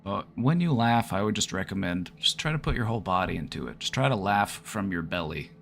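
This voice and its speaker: Rambling low-voiced Midwestern man. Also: lively intonation, a little fast, a bit bright. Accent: Midwestern American. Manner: rambling, repeats words and restarts. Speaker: online therapist host. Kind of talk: casual live-stream chat.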